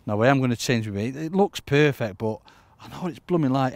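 On a cold lakeside, a British angling coach chats his way through a casual fishing tutorial, constantly calling his listeners "folks." His medium-pitched voice is very animated and fast, with hardly any pauses, and the recording is dry.

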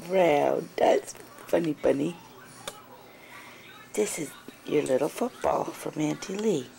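Gravelly-voiced mom. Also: female voice, sits low, expressive, takes it slowly, long pauses, a little hiss or hum. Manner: gently scolding, then cooing. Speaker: mother filming her children. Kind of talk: casual home-video narration and baby talk. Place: family home, indoors. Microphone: handheld camcorder.

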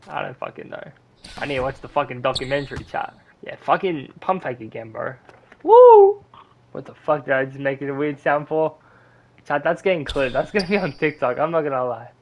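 Streaming a basketball game, this young gamer swears and rants at the action, tossing mumbled remarks to his chat as he plays. He speaks quickly in a slightly high voice, and a little hiss or hum runs under the recording.

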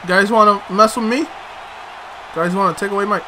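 A man's voice: high-pitched, normal speed, pauses often, background noise. A man commenting on his own gameplay, muttering to himself, swearing in frustration and breaking into sudden outbursts. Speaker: let's play host.

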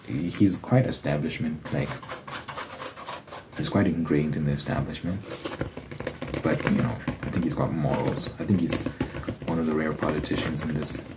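Young male ASMR host, very low voice, rambling profane chat over heavy background noise. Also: steady tone, moderate pace. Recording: loud background noise and clicks.

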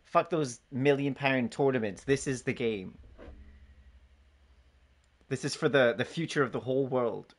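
A man's voice: medium pitch, measured pace, pauses often. A man casually chatting on a gaming live stream, joking, swearing and laughing often as he banters with friends and chat.

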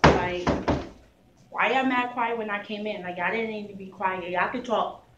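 A woman's voice: mid-range voice, moderate pace, echoey room, far from the mic, lo-fi sound, heavy background noise, lightly acted. A young woman voicing a sulky, defensive teenage schoolgirl who mutters and swears.

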